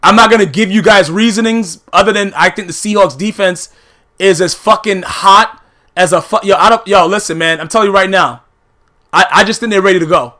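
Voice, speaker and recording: A man's voice: high voice, brisk, sharp tone. A man giving a heated, profane recap of football games, blunt and full of filler phrases. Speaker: YouTube sports commentator.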